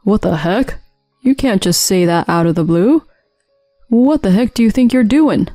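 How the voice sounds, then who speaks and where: A groveling husband caught in his lies, voiced by a woman in a warm, mellow tone. He pleads and fumbles for excuses. The recording is dry, with quiet music underneath. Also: medium pitch, animated, moderate pace, no room sound, natural voice. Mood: indignant. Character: lying cheating husband, groveling man. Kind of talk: storytelling read-aloud. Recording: dry studio sound with soft music.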